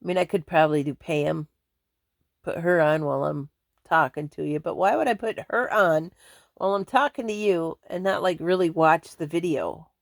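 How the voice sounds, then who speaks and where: Low-voiced woman rambling at home. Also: moderate pace, vocal fry, dry recording, studio quality. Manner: rambling, laughs often. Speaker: vlogger. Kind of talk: casual chat to camera.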